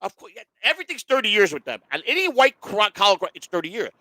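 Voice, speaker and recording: Animated, profane male storyteller. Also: high-pitched, quick pace, no room sound, rough recording. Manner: profane, animated, acts out quoted voices. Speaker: host. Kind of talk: casual storytelling chat.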